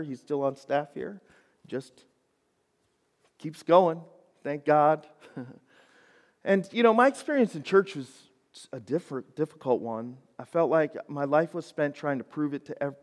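High-voiced man preaching in a reverberant hall. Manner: animated and conversational, often laughing at himself. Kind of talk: sermon to high schoolers. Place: church.

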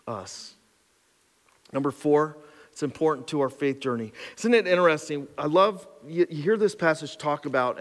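A man preaching a sermon as pastor, animated, building to near shouts on key points. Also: mid-range voice, in a large hall.

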